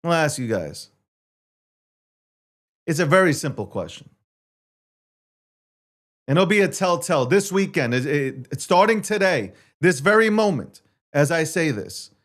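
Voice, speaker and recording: A man's voice: a little high, very animated, a little slow, long pauses, fairly bright tone. A man hosting a show, ranting to viewers on a livestream in a brash, profane, boastful way, repeating phrases and firing rhetorical questions. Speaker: show host.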